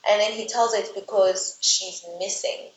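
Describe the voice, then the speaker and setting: A book reviewer recaps a book's plot casually and rants about its characters, chatty, full of "like" and exasperated asides. Her voice is medium-pitched and steady, at normal speed. The recording sounds roomy and slightly dull, with a little background noise.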